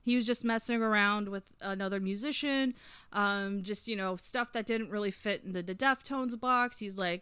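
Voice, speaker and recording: Chatty woman with a bright, crisp voice. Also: medium pitch, normal speed, dry recording. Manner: chatty, many fillers, enthusiastic storytelling. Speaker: podcast co-host reviewing an album. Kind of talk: casual podcast chat.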